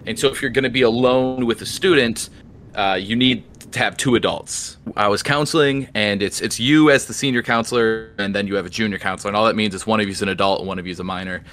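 A young man co-hosting a podcast, telling stories in a casual, animated way and acting out the dialogue. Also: lowish voice, fast. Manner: animated storyteller, acts out dialogue. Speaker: podcast co-host. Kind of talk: casual chat.

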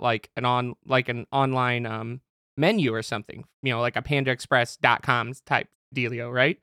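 A man hosting a podcast and telling a story in casual chat, animated and swearing often. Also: medium pitch, brisk, smooth, dry recording, clean studio sound. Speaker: podcast host. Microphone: podcast mic.

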